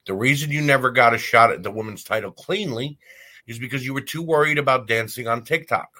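A man's voice: mid-range voice, a little fast, bright, forceful tone. A man hosting a wrestling talk show, delivering a blunt, heated opinion rant with frequent fillers and restarts. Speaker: wrestling podcast host.

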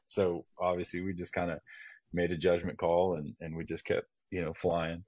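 A man with a low, husky voice tells a story casually in a group interview. he is animated, breaks into laughter, and mimics radio chatter. the audio is dull and lo-fi. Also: moderate pace, no room sound. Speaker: former Apache pilot.

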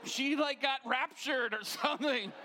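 A man's voice: very high-pitched, a little slow, pushed and bright, slight background noise. A male pastor telling a dramatic personal story as part of a sermon.

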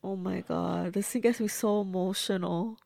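A woman's voice: mid-range voice, fairly even intonation, moderate pace, creaky, a little mellow. A woman giving casual, blunt, reactive commentary as she watches and reviews a movie. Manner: chatty, blunt and reactive, swears freely.

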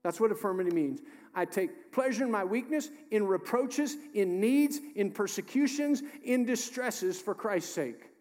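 High-voiced pastor preaching in a reverberant hall. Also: male voice, animated. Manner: emphatic, swings from loud urging to hushed slow delivery. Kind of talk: sermon. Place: church sanctuary. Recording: music under voice in a reverberant hall.

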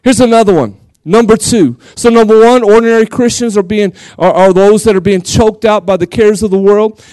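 A man with a West Texas accent, a pastor giving a lively, joking sermon and acting out quotes. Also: sits high, a little fast, smooth, no room sound. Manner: animated, jokey, laughs often, acts out quotes.

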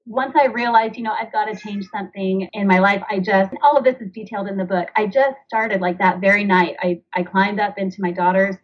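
Brisk and barely pausing, this medium-pitched woman keeps a fairly even intonation on a muffled recording. She's a mother and author in her thirties, guesting on a podcast interview, earnestly explaining with some rambling and acting out dialogue.

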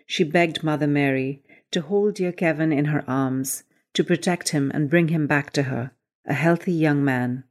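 Woman, scripted story narration, even and clear, low pitch. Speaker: story author and reader.

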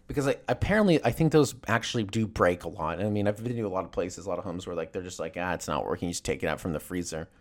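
A man's voice: deep voice, very fast, hardly any pauses. A man ranting casually and comedically, rambling and swearing as he tells stories. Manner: rambling, profane, animated storytelling.

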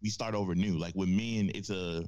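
A man hosting a casual podcast chat, animated and profane, acting out the voices he quotes. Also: low-pitched, normal speed. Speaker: podcast host. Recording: dull lo-fi sound.

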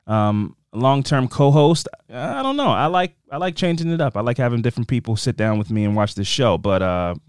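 A man hosting a podcast in casual chat, rambling and animated as he interrupts himself. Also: mid-range voice, fairly quick, hardly any pauses, clean tone, no echo, clean studio sound. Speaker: podcast host.

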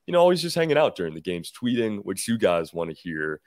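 A man hosts a sports podcast in an easygoing, conversational way, casually plugging the show. His voice sits low and sounds dry and close to the mic. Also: sing-song, fast talker, darkish tone, dry recording. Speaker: podcast host.

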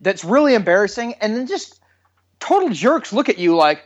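A man hosting a casual podcast chat, jokey and expressive, riffing on the story with comic comparisons. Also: sits high, a little fast, lo-fi sound. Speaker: podcast host.

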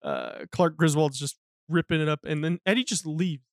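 With a high voice that swings hugely in pitch, a podcast co-host chats casually about a film at a moderate pace. The movie-review talk rambles, with swearing and laughter, over clean studio sound free of room noise.

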